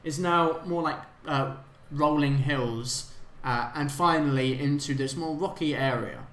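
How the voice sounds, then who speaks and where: A man narrating a tabletop game as game master, halting and full of fillers. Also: a little high, fairly bright tone, reverberant. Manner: halting, many fillers and restarts.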